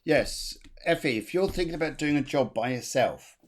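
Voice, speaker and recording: A man's voice: a little high, animated, normal speed, background noise. Chatty man giving a reading. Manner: chatty, repetitive, laughs often. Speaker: medium, show host. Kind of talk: live spiritual reading.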